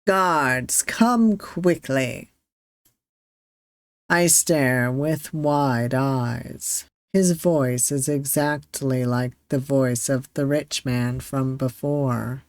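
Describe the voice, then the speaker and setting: A game streamer reading a visual novel aloud, deliberate and measured, with the odd self-aware aside. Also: mid-range voice, steady tone, a little mellow, no room sound, studio quality.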